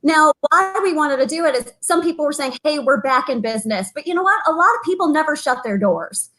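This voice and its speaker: A woman's voice: high-pitched, expressive, fairly bright tone. A woman chamber of commerce president as a guest, chatting upbeat and talkative over a video call. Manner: upbeat, talkative, quick to laugh. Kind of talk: casual interview chat.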